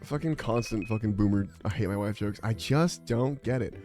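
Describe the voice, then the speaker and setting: A man's voice: on the low side, normal speed, dark tone, soft background music. A young adult man streaming, chatting casually in a rambling, exasperated, profane way. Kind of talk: casual livestream chat.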